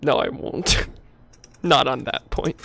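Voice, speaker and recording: A man's voice: medium pitch, takes it slowly, vocal fry, pushed and bright. A man streaming a video game, joking casually as he plays and reads lines aloud. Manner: joking, often laughing. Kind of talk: casual let's-play commentary.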